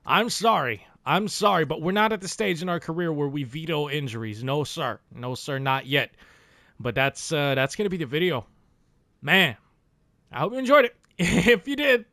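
A man giving let's-play commentary as a gaming YouTuber, excitable, swearing and yelling at the game. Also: on the high side, gravelly, no echo.

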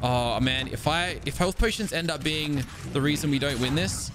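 Hyped up young guy doing game commentary, highish voice, noisy game sounds behind him. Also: moderate pace. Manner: excitable, exclaims often, talks to viewers. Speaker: gaming channel host. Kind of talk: live gameplay commentary.

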